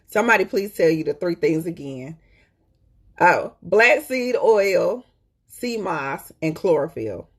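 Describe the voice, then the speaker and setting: A woman talks in a loose, colloquial way to her viewers, calling them "y'all" and driving her points home by repeating them. Her voice sits fairly low and has a husky, breathy edge. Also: animated, slow pace. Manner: chatty and emphatic, repeats points, checks in with "okay?". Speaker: host. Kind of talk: casual live-stream chat.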